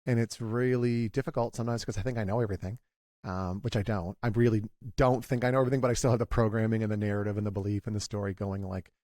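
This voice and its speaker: A man in his forties, talking in a halting, confessional way, with many restarts, as a guest in a candid conversation. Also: on the low side, fairly even intonation, warm tone, no room sound, clean studio sound. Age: 40s.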